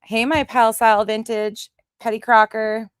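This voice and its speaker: A woman's voice: fairly high pitch, little pitch movement, a little slow, clean tone, dry recording, studio quality. A woman hosting a casual livestream, greeting viewers by name and chatting bluntly with some swearing. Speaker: livestream host. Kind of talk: casual livestream chat reading comments.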